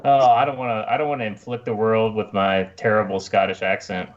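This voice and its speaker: A man speaking as a guest comics creator over a video call, relaxed and self-deprecating. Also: fairly quick. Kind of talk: casual interview chat. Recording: muffled low-fidelity audio.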